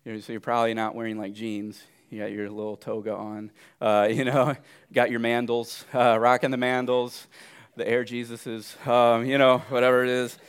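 A man preaching a sermon, animated, jumping from loud outbursts to hushed asides. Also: mid-range voice, normal speed, smooth. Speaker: pastor.

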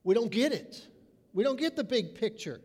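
A man's voice: very high voice, sing-song, normal speed, darkish tone, breathy edge. A man preaching a sermon with emphasis, mimicking people's voices. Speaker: pastor. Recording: reverberant hall.

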